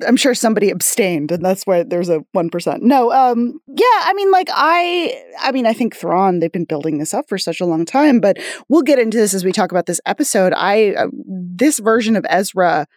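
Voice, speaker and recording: A woman co-hosting a podcast, chatting casually with quick, wry comebacks. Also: medium pitch, big pitch swings, no room sound, studio quality. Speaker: podcast co-host.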